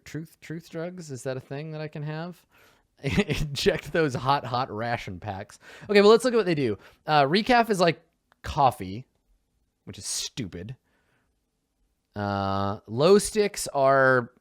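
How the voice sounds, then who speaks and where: Young male player, casual and rambling, expressive delivery, dry recording. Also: mid-range voice, takes it slowly, dry recording. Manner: rambling, swearing, muttering to himself. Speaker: player in a tabletop game show. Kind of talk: casual chat while building a character.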